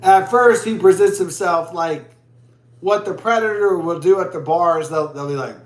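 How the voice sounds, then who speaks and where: A man's voice: sits high, a little slow, echoey room. A man vlogging as he drinks a beer, telling a rambling story in crude, profane, rambling talk.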